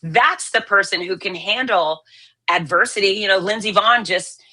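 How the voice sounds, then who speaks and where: A woman's voice: mid-range voice, moderate pace, pushed and bright. A woman being interviewed as a fitness author, talking in a pointed, aggressive, emphatic way. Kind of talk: interview conversation.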